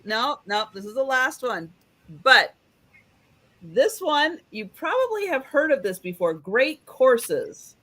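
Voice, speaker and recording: Slow, matter-of-fact woman selling items. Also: high voice, sing-song, a bit bright. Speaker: seller. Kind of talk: casual sales pitch.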